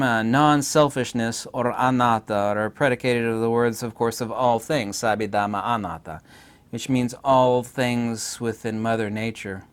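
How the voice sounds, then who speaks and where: A man giving an unscripted philosophy lecture, emphatic and insistent, repeating his points and pausing on frequent hesitations. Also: mid-range voice, clear, resonant tone.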